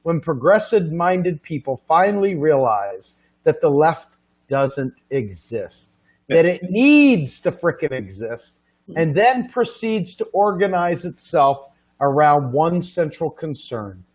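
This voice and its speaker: A man's voice: a little high, very animated, takes it slowly. A man hosting a show who rants in an exasperated, incredulous tone about what he hears on television. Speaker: show host. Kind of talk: ranting casual chat. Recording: dull lo-fi sound.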